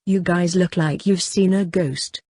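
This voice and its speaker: A woman reading the lines of a nerdy teenage boy who loves conspiracy theories, in an eager, slow and deliberate way, in an audiobook. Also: fairly low pitch, steady tone, dark tone.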